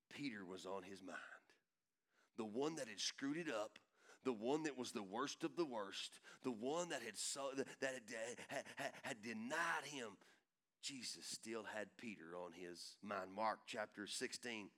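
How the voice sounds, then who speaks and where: A middle-aged man preaching a sermon, acting out voices and swinging from hushed lines to loud swells. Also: medium pitch. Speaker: pastor.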